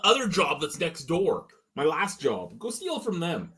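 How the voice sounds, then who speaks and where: A man's voice: sits high, wildly swooping pitch, very slow, pauses often, a bit bright, husky. A man co-hosting a casual beer review chat, ranting with lots of swearing and getting worked up. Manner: profane, ranting, gets worked up. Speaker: beer review show co-host.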